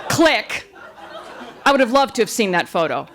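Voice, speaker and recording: A woman tells a funny personal story with wry, animated delivery. Her voice sits high and swings widely in pitch as she builds each beat. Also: normal speed, a faint crowd, a little hiss or hum. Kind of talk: live comic storytelling.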